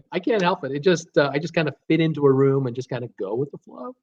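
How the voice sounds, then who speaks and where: A man with a slight Canadian accent chats casually on a live stream, reading viewer comments aloud and laughing often between his many fillers. His voice sits fairly high. The audio is dull and lo-fi, recorded at home by his computer. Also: animated, quick pace, darkish tone. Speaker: cruise channel host reading live chat.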